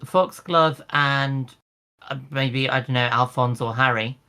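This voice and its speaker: A woman's voice: very deep voice, slow, bright, forceful tone, clean tone. A woman playing a tabletop game, planning the group's moves in a practical way, with hesitant fillers. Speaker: player. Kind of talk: casual tabletop game chat.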